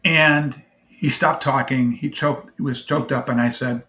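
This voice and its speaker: An animated man telling a story. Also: mid-range voice, moderate pace. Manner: animated, emotional storyteller, acts out both sides of a phone call. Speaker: charity founder, guest. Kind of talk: interview storytelling.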